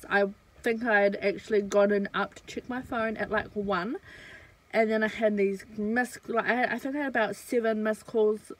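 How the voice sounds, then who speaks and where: A woman's voice: mid-range voice, fairly even intonation, normal speed, slight background noise, low-quality recording. A young woman, casually telling a storytime while eating, with lots of fillers. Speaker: vlogger. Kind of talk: storytime mukbang vlog.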